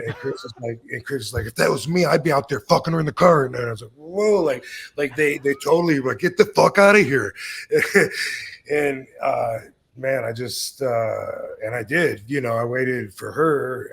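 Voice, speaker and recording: Podcast host, man in his fifties, gravelly voice, loose rambling anecdotes full of swearing. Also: medium pitch, a bit bright. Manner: rambling, laid-back, swears freely. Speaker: podcast host telling stories. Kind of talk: casual storytelling chat.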